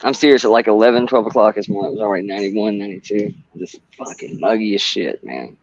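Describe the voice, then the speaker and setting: A man's voice: fairly low pitch, fast talker. Blunt, profane man, dull audio. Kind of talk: casual live chat.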